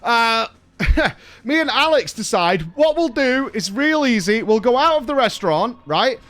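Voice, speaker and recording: A man streaming, telling a story in a casual, animated way, swearing and laughing along. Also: very high-pitched, a little slow.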